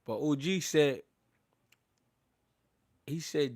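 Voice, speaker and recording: A man's voice: on the high side, a little slow, pauses often, darkish tone. A man hosting a boxing live stream, chatting casually in loose street slang, laughing and thanking viewers. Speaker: boxing livestream host.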